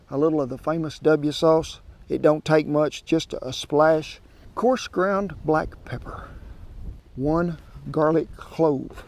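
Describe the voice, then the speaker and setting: A man's voice: a little high, slow, darkish tone. Folksy man cooking outdoors. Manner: folksy, drawling, chatty. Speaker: cooking show host. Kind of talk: casual cooking demonstration. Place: outdoors by a smoker grill.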